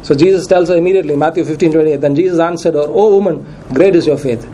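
A man's voice: on the high side, fast, dark tone, slight background noise, low-quality recording. A man preaching a sermon who reads scripture aloud, cites verses and repeats questions to his congregation for emphasis.

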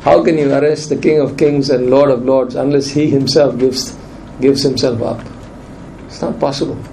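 A man's voice: mid-range voice, fairly even intonation, moderate pace, a little mellow, slight background noise, rough recording. A man preaching a sermon, emphatic and repeating his key lines for weight.

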